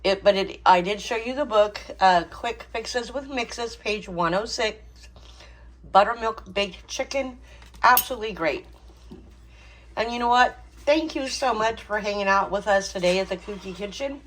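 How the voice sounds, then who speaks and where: A woman's voice: mid-range voice, normal speed, fairly bright tone. A woman hosting a home cooking channel, talking casually with frequent ums and small laughs. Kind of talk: casual cooking vlog chat.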